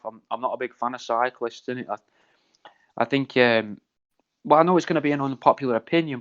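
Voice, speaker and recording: A man's voice: medium pitch, muffled recording. A man doing a rambling, sweary comedic monologue as the host of a radio show.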